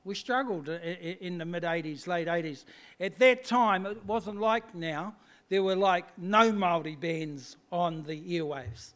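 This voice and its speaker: A man's voice: sits high, a little slow, fairly bright tone. A man with a New Zealand accent giving a blunt, joking acceptance speech with lots of hesitations. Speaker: band manager giving a speech.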